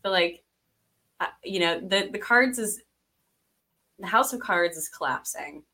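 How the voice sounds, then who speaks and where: Woman host, bright mid-pitched voice, casual and affirming. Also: animated, unhurried. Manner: affirming, conversational. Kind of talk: casual chat.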